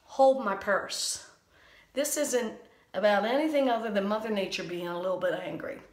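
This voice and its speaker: A woman's voice: mid-range voice, animated, brisk. A woman doing a comic vlog monologue, anxious and rambling, with a sarcastic edge, recorded in a small bathroom. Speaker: comedian. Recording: echoey bathroom.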